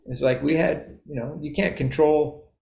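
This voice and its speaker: A middle-aged man with a Canadian accent appears as a guest musician on a podcast, chatting casually in a rambling, self-interrupting way and laughing often. His voice is a little high, creaky and slightly mellow, with a steady tone and moderate pace. The recording is reverberant.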